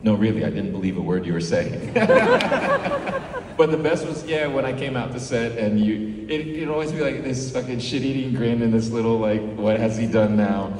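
A man's voice: mid-range voice, expressive, normal speed. A man answering fan questions on a convention panel in a casual, joking way. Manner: jokey, laughing often. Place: convention hall, large indoor room. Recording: echoey hall, far mic, noisy.

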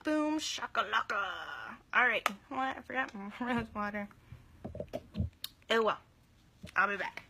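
A woman's voice: fairly high pitch, unhurried, vocal fry, pauses often, background noise. A young woman giving a chatty, enthusiastic live makeup tutorial, gushing over the products she uses. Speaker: makeup vlogger.

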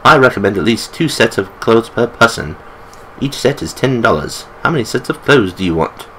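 A man's voice: mid-range voice, expressive, moderate pace, fairly bright tone, slight background noise, close to an everyday voice, rough recording. A man voicing a sly old British shopkeeper with a pipe, in a put-on British accent and cheery sales patter. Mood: cheery sales pitch.

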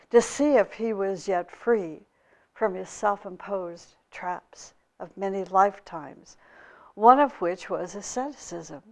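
Woman, spiritual teacher, storytelling talk, slow and measured, mid-pitched. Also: a little mellow.

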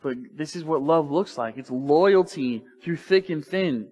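A man's voice: a little high, a little slow, dark tone. A man preaching a sermon in church, talking to the congregation casually and asking rhetorical questions. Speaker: pastor. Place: church sanctuary.

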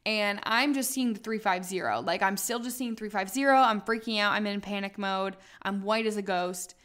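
Here a young female podcaster from the US shares a travel anecdote casually, leaning on fillers and theatrical retelling. She talks at a moderate pace in a mid-range voice with a fairly bright tone.

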